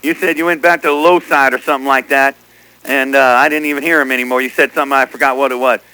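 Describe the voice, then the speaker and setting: A man's voice: medium pitch, steady tone, quick pace, sharp tone, clear, resonant tone, no echo, rough recording. A man chatting casually as a CB radio operator, teasing others and repeating what they said on air.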